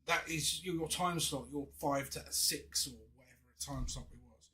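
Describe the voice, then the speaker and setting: A man's voice: fairly high pitch, moderate pace, pushed and bright, low-quality recording. An English man in his thirties, a game streamer telling a story in a chatty, indignant way with many restarts. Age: 30s. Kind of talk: casual storytelling while gaming.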